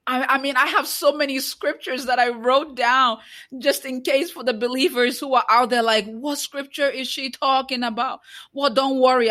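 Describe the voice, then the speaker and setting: A woman's voice: sits high, sharp tone. A woman speaking in an interview, building into an impassioned preaching cadence with repeated rhetorical questions. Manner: many fillers and restarts. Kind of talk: conversational interview.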